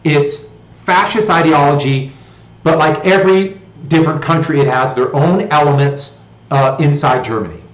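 A man's voice: a little high, normal speed. American man lecturing in an echoey room. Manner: conversational, digressive, joking asides. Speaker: history teacher. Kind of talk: classroom lecture. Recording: roomy echo.

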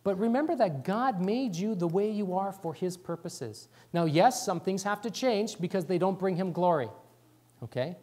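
A male pastor preaching a sermon in church, talking quickly and excitedly and sometimes dropping words. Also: sits high. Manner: talks fast and excitedly, drops words.

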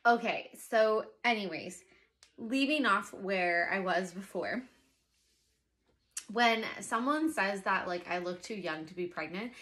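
A young pregnant woman chatting casually to camera as a vlogger, animated and exasperated in her asides. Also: mid-range voice, slow pace.

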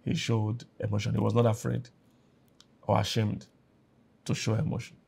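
A man's voice: on the low side, completely flat delivery, normal speed, gravelly, darkish tone, slightly rough. A man with a Nigerian accent, preaching a sermon as pastor, emphatic and repeating key phrases. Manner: acts out quoted speakers in a raised voice.

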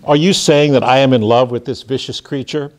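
A man's voice: medium pitch, steady tone, brisk, noisy background, pitched above the performer's own voice, lightly acted. A man reading aloud the part of a prim housewife who stubbornly defends the dinner she serves. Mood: indignant.

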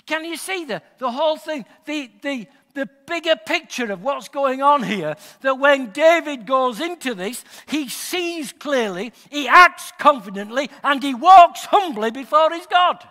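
A male pastor from Northern England preaching a sermon in a church hall, emphatic and building to loud, shouted declarations. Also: extremely high pitch, expressive, a little slow, few pauses. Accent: Northern English. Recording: long hall reverb.

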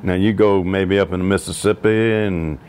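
A man speaking plainly and haltingly in an interview. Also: low voice, fairly even intonation, darkish tone, smooth. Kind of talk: casual conversation.

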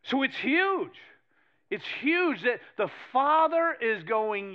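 New england pastor guy preaching, high voice, loud then hushed, muffled church recording. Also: measured pace. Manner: animated, emphatic, swings between loud and hushed. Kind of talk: sermon. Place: church sanctuary.

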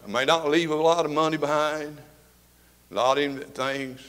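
Fervent older preacher. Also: male voice, fairly high pitch, fairly even intonation, moderate pace, a bit bright. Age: 70s. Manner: fervent preaching with rising and falling volume. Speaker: pastor. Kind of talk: sermon. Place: church sanctuary with congregation.

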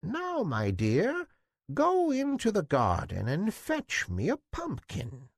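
A man voicing a feeble, kindly old fairy godmother in a slow, croaking, high-pitched voice. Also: huge pitch swings, no echo, heavily acted. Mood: coaxing. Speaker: storybook figure.

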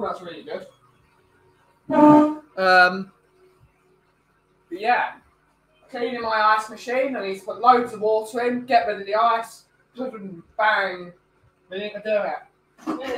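Chatty man with a bright voice. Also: high voice, low-quality recording. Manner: rambling, chatty, reads out chat greetings. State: tired. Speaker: livestream host. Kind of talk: casual livestream chat.

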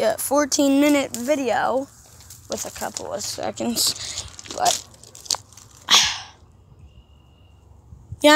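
A woman's voice: high voice, creaky, a little hiss or hum. Rambling young-sounding woman outdoors. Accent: put-on country accent. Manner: rambling, talking to herself while waiting. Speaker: vlogger. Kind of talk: casual outdoor vlog. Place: outdoors by railway tracks.

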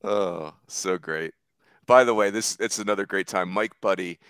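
A man hosting a podcast in casual, rambling chat, quick to joke. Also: sits low, a bit bright, clean tone, dry recording. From Philadelphia area. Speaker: podcast host.

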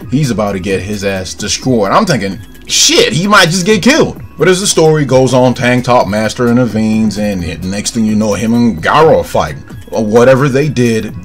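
A young man reviewing an anime episode in casual, excitable commentary, full of slang and swearing, calling the listener "bro". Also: medium pitch. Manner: excitable, profane, slangy, says "bro" often.

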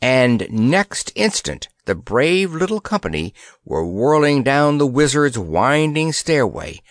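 A man's voice: medium pitch, very animated, slow, no echo, clean studio sound. A man reading a children's fantasy story aloud as an audiobook narrator, telling it expressively.

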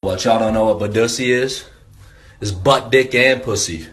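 A man's voice: on the low side, normal speed, a bit bright, a little hiss or hum. A man comedian telling comic stories in a chatty, profane way, often turning to viewers with asides. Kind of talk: comic storytelling.

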